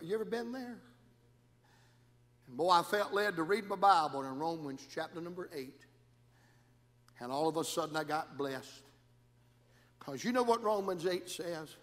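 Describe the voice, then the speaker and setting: A man preaching a sermon in a church, with dramatic, repetitive cadences that move between hushed and shouted lines. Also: fairly high pitch, expressive, normal speed, long pauses. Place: church sanctuary. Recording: long church reverb.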